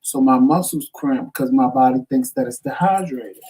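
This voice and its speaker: Talk show co-host, male, animated storyteller, mellow voice recorded a little off-mic. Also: mid-range voice, normal speed. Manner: animated, dramatic storyteller acting out quotes. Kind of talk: casual storytelling chat. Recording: voice somewhat distant from mic.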